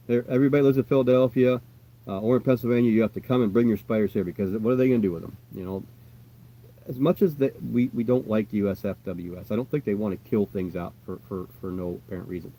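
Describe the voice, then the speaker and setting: An American man chatting casually on a livestream as a tarantula keeper, rambling and reassuring, often trailing off quietly. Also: on the low side. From United States. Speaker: tarantula keeper answering live chat.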